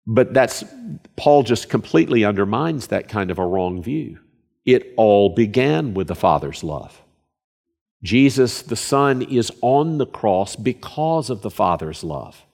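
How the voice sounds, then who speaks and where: A man's voice: lowish voice, big pitch swings, a little slow, gravelly, darkish tone. A man preaching a sermon, earnest and emphatic, often repeating phrases for stress.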